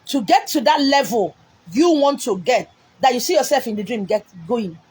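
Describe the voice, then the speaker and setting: A woman's voice: a little high, animated, normal speed, a little mellow, slightly rough, rough recording. A woman with a Nigerian accent delivering a spiritual message, repeating herself emphatically and scolding with rhetorical questions. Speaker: spiritual messenger. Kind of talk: preached message to viewers.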